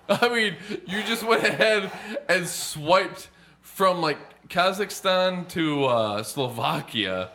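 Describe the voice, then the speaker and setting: A man's voice: high-pitched, lively intonation, takes it slowly, bright, forceful tone, slight background noise. A man co-hosting a comedy podcast, flustered and stammering, repeating words as he questions the other speaker. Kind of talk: improvised comedy podcast bit.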